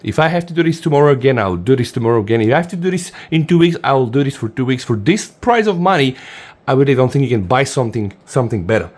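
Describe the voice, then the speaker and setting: A man's voice: medium pitch, lively intonation, quick pace, darkish tone, slight background noise. Eager man reviewing a phone. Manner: enthusiastic, often says "guys". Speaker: tech reviewer. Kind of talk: casual unboxing review.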